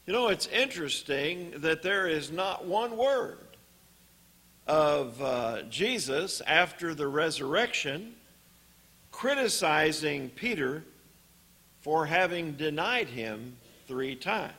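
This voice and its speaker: A man preaching a sermon in a church, teaching on scripture in a deliberate way with pauses and "uh" fillers. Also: on the high side, sing-song, sharp tone.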